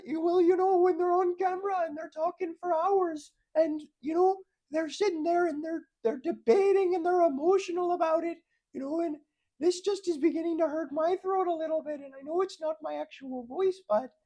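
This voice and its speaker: A man doing a comic impression of a famous male debater, talking in a high childlike voice that strains his throat. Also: dark tone.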